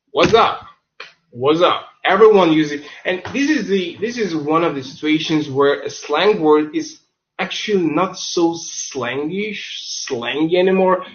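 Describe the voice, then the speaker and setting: Male tutor, fairly high voice, casual webinar delivery, dull lo-fi sound. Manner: chatty, loose, self-correcting, says the same word several times over. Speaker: online English teacher. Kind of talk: webinar lesson on slang.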